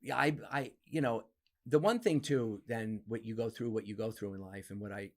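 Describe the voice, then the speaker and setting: A man in his fifties from New Jersey, a podcast guest telling stories from his life in a casual, animated way. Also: normal speed. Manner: animated, acts out quoted voices with big pitch jumps. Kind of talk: casual storytelling interview.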